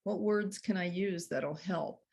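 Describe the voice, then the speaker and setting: A woman coaching couples on handling conflict, explaining earnestly with soft laughs. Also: lowish voice, unhurried, gravelly. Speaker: relationship coach. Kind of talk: teaching a couples workshop talk.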